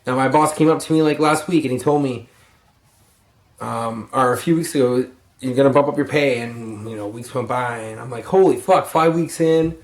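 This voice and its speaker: Brief: weary young guy, mid-pitch, casual and cursing, roomy home echo. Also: fairly even intonation, normal speed. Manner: rambling, profane, yawning and sighing. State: tired. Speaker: vlogger, lumber yard crew lead. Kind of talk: rambling casual advice vlog. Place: room at home.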